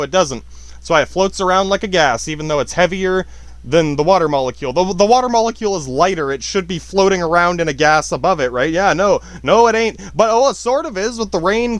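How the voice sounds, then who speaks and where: Podcast host, man in his thirties, high voice, dry close sound, rambling and profane, keeps cutting himself off. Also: a bit bright, clean tone, no room sound. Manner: rambling, profane, self-interrupting, laughs often. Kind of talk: rambling profane monologue on science.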